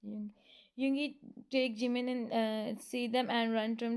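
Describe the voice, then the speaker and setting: Woman reading fan fiction aloud, halting and unpolished, slightly high and smooth voice. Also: steady tone, darkish tone. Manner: halting, with frequent fillers and restarts. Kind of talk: casual story reading.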